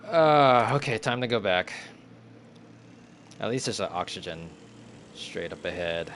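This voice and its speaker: This young man streams a game with casual, self-directed commentary, frequently confused and muttering curses. His voice is on the low side, expressive, and fairly bright, delivered at a measured pace with a slight hiss or hum.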